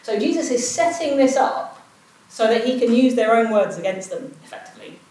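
A woman's voice: fairly high pitch, expressive, a little fast, darkish tone. Woman preacher, conversational sermon, recorded at a distance in a big echoey hall. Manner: conversational, asks the listeners questions. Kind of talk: informal sermon. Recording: roomy echo, voice far from mic.

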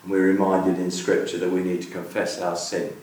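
A man's voice: sits low, monotone, a little fast, darkish tone. A man preaching a sermon in an earnest way, putting searching questions to his listeners. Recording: very echoey room, voice from far off the mic.

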